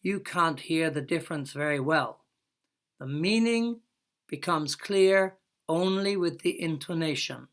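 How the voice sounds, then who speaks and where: A woman teaching a recorded English lesson at a very unhurried pace. Her voice sits a little low for a woman, and she draws out each example phrase carefully. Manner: slow, careful explaining with drawn-out example words.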